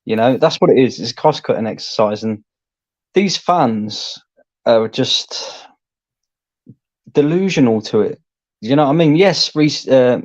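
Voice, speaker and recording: A man calmly arguing a point about his football club's squad in casual chat. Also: mid-range voice, dry recording, muffled recording. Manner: calm, explanatory, argumentative. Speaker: co-host, football fan.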